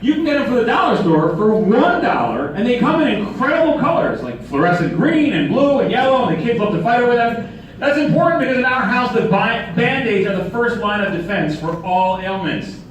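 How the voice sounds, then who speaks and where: A man's voice: extremely high pitch, sing-song, a little fast. A man giving a sermon as a rabbi, telling a story with humor and rhetorical questions. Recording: echoey hall, distant mic, faint noise.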